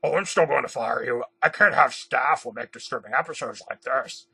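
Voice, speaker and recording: A man voicing a stern, theatrical male TV executive who yells and lectures. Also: mid-range voice, brisk, vocal fry, slightly rough, no echo, heavily acted. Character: blustering male TV executive boss.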